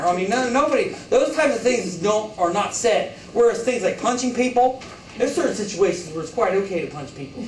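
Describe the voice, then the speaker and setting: A man's voice: high voice, animated, fairly quick. A man lecturing a college class, joking and throwing rhetorical questions at the students, often acting out quotes in other voices. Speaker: college instructor. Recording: echoey room from far off, faint hiss.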